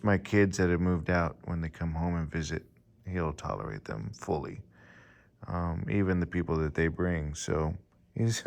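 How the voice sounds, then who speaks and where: A man in his forties casually telling a rambling personal story to his channel, with many pauses and fillers. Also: low voice, creaky. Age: 40s. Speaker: vlogger.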